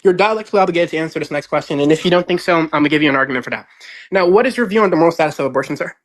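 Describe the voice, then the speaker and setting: A man debating heatedly in a live online debate, rapid-fire and combative, piling on jargon and addressing his opponent as sir. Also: fairly high pitch, no echo.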